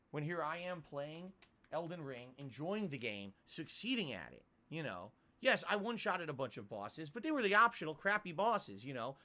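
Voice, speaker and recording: A man chats casually on his game livestream, his voice sitting a little high and bright. His delivery is animated and swoops around a lot, and he breaks off now and then to coo at his cat. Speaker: game streamer.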